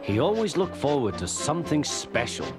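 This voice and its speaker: A man from England with a Liverpool accent narrating a children's storybook in a lively manner, on old tape audio. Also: fairly high pitch, moderate pace, loud music behind the voice.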